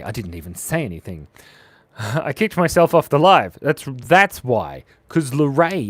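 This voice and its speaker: A man's voice: on the high side, no room sound. A man hosting a live drawing stream, reading chat messages aloud and trading silly jokes with viewers. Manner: jokey, playful, reads chat aloud. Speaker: livestream artist.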